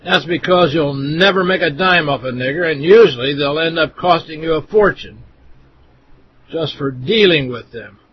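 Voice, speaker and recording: A man's voice: fairly high pitch, normal speed, slight background noise. A man reading aloud from a first-person text in a blunt, contemptuous manner. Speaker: reader. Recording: dull lo-fi recording.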